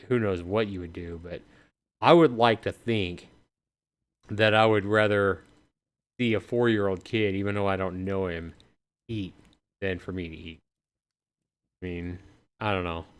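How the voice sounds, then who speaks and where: Tired, chatty livestream gamer, low smooth voice. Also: male voice. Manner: chatty, talks to chat. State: tired, yawning. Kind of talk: let's-play commentary.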